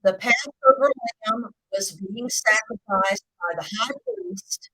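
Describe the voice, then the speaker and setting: A woman giving a live video Bible teaching, speaking slowly and deliberately, with the occasional hiccup. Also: a little high, husky, no room sound, rough recording. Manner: slow, deliberate, lively intonation.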